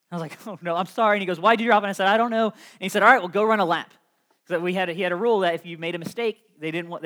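A young man preaching a sermon, telling a personal story with animated delivery and frequent laughter. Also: high-pitched. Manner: animated storyteller, laughs often, lively shifts in loudness.

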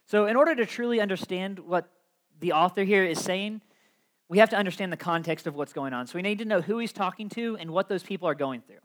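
A young man preaching a sermon, telling a personal story with animated delivery and frequent laughter. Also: sits high, brisk. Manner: animated storyteller, laughs often, lively shifts in loudness.

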